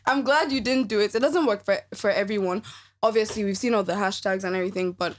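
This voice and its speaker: A woman's voice: medium pitch, quick pace, slight background noise. A young woman guest on a podcast, chatting casually and animatedly, laughing often and restarting her sentences. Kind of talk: casual chat.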